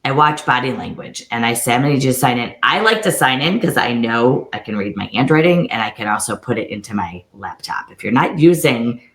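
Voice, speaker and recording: A woman real estate coach giving a storytelling coaching talk, lively, acting out quoted dialogue in quick back-and-forth. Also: rumbling low, echoey room, rough recording.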